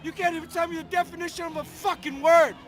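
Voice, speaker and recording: A man's voice: extremely high pitch, fairly even intonation, fast, some chatter behind. An angry man on a city street, cursing and hurling insults. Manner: profane, furious, shouting insults. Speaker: street protester.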